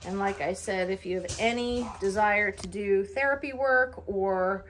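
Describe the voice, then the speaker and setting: A woman's voice: medium pitch, unhurried. A woman breeder talking to a puppy in cooing, sing-song baby talk while commenting to the camera. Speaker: dog breeder evaluating a puppy. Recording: noisy background.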